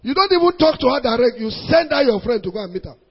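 Animated Nigerian pastor in a big hall. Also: male voice, very high-pitched, quick pace, husky. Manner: animated storytelling in Nigerian Pidgin mixed with English, acting out voices. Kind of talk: preaching sermon to a congregation. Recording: dull recording in a large reverberant hall.

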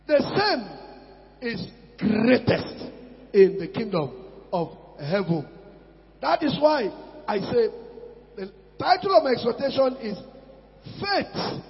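High-voiced emphatic preacher man in echoing hall. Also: sing-song, slow pace, long pauses. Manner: emphatic, repeats key words, swings between loud and soft. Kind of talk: sermon. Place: church hall. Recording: dull recording in a long-echoing hall.

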